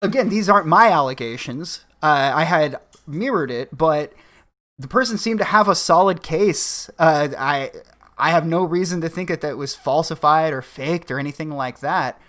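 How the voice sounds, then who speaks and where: A man's voice: on the high side, moderate pace, a bit bright. A man guesting on a stream, chatting casually in an offhand, profane, hedging way. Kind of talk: casual podcast chat.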